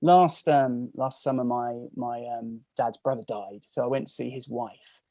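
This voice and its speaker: A man's voice: medium pitch, measured pace, warm tone, no room sound. A man in his forties from England, chatting as a podcast guest on a video call, telling stories in a chatty, self-mocking way. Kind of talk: casual chat.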